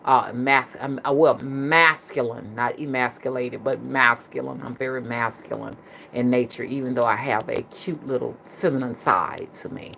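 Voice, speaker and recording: In a low, earthy, creaky voice, a middle-aged Southern woman who works as a spiritual reader and rootworker tells her viewers stories at normal speed. Her tone is steady and fairly bright, her style colloquial and chatty with constant "y'all," and a faint background hum sits underneath.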